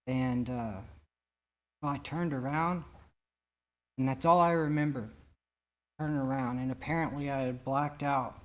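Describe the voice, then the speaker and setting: A man giving his personal recovery testimony at a church meeting, speaking in an earnest, halting way with frequent restarts. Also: medium pitch, fairly even intonation.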